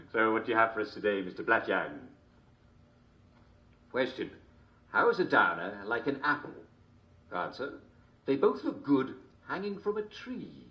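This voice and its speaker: A jovial TV host, as a man puts him on, chuckling between every line in a smarmy, mock-cheerful way. His pitch swoops high and low as he hams it up, slow and unhurried. The tone is bright and sharp-edged. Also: big pitch swings, a little hiss or hum. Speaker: show host. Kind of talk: comedic character monologue.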